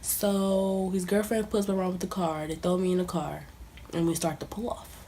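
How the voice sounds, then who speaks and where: A woman's voice: lowish voice, level tone, moderate pace, dark tone, slight background noise. A young woman casually telling a personal story as a vlogger, sometimes dropping to a near-whisper. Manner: casual, conversational, drops to near-whispers at times. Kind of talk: storytime monologue.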